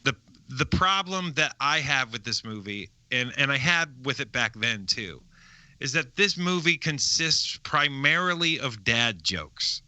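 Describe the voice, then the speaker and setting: A man's voice: medium pitch, measured pace, dry recording. A man co-hosting a movie podcast, giving his opinion in a rambling, casual way with frequent restarts. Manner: rambling, restarts, lively emphasis. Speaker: podcast co-host. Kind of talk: casual movie review chat.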